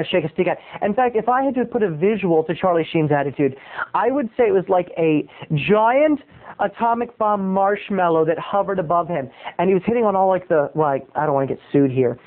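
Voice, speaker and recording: A man telling a comic story as a show host in a theatrical way, his voice often jumping up into high squeaks. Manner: theatrical, with sudden high squeaky jumps in pitch. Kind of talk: comedic storytelling monologue. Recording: tinny lo-fi tape recording.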